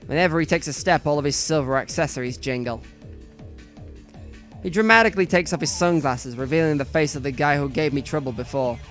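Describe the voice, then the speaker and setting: A woman's voice: low-pitched, fairly quick, soft background music. A woman narrating a visual novel let's play, reading the lines and joking with casual swearing. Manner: lively, swears and laughs at herself.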